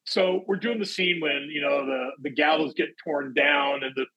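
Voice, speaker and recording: A man and actor, chatting casually as an interview guest, telling animated stories and bursting into loud acted-out quotes. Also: a little high, moderate pace, husky, lo-fi sound. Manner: animated storyteller, acts out quotes in big voices. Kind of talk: casual anecdotal chat.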